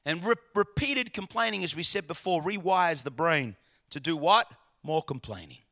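A man's voice: fairly high pitch, animated, normal speed, bright, forceful tone. A man preaching a sermon to a congregation, emphatic, throwing out rhetorical questions and repeating his words as he builds a point. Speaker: pastor.

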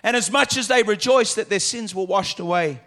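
A pastor preaching a sermon in a church, with emphatic, repetitive preaching that swings from quiet, low passages to loud, half-sung climaxes. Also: male voice, normal speed.

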